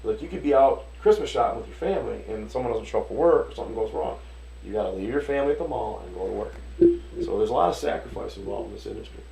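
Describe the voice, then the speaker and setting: A Detroit chef spins a lively yarn in a gravelly voice, jumping into the voices of the people in his story. He talks the loose, casual way a man does among friends. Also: on the low side, fast, slight background noise, rough recording. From Detroit, USA. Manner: animated storyteller, acts out voices, swears casually. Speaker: restaurant owner and chef.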